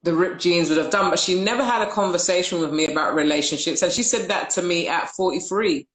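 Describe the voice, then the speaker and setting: A woman's voice: lowish voice, fast talker. Woman, host, reflective storyteller, roomy echo, video call. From United Kingdom. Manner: reflective storytelling, reads viewer comments aloud. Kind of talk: live casual discussion.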